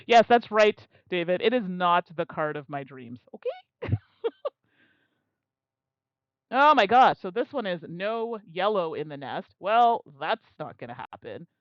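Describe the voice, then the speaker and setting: A woman's voice: lowish voice, sing-song, no room sound, lo-fi sound. A young woman chatting casually as she streams a solo board game, talking through her moves and laughing at herself. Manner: chatty, self-mocking, quick to laugh. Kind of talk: casual live-stream commentary.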